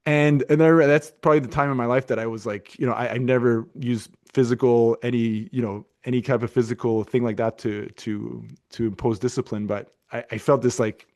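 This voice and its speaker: A man's voice: medium pitch, steady tone, brisk, hardly any pauses, a little mellow. Rambling man telling a story. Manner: rambling, many restarts and fillers. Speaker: podcast host. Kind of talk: casual conversational storytelling.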